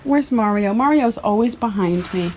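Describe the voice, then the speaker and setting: Woman vlogger, high lively voice, unhurried, coos at her pets outdoors. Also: background noise. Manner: doting, laughing, sing-song praise. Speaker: homestead vlogger. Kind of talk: casual talk to pets while filming.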